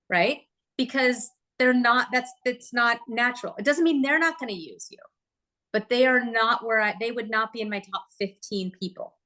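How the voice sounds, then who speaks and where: A woman giving a live real estate training talk, chatty and lively, often asking the audience questions. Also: on the high side, a little fast. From Oregon, USA.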